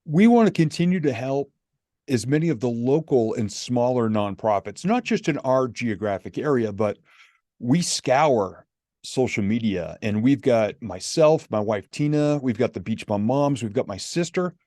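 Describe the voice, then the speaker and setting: A middle-aged man telling stories as a podcast guest, animated and acting out the lines of people he quotes. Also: mid-range voice, normal speed, dry recording, studio quality. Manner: animated, acts out quoted dialogue. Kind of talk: storytelling in a podcast interview.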